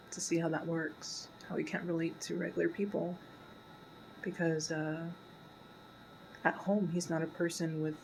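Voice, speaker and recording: Slow, thoughtful woman talking softly. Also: on the low side, slight background noise, poor audio. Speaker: video host reacting to a TV episode. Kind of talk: casual pause-and-talk commentary.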